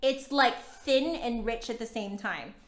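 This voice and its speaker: A woman's voice: on the high side, measured pace, music in the background. An American woman demonstrating a flute on a casual livestream, chatting straight to her viewers. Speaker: flutist reviewing an instrument. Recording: roomy echo.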